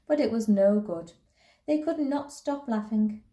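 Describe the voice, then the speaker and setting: A teacher reads a children's novel aloud, gentle and unhurried. Her voice is mellow and soft-edged, at a middle pitch. The room lends it a noticeable echo. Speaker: primary school teacher. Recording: roomy echo.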